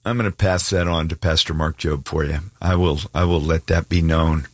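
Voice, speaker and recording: Low-pitched man hosting a faith call-in radio show. His voice sits deep and dry, close to the mic with no room sound. He greets callers and encourages them. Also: steady tone, moderate pace, dry recording. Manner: warm, encouraging, affirming callers. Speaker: radio host.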